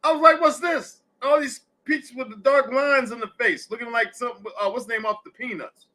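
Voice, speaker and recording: A middle-aged man with a high, bright voice hosts a casual live audio discussion. He talks bluntly and curses freely, telling stories in a plain, direct way. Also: brisk. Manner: blunt, profane storytelling. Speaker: host.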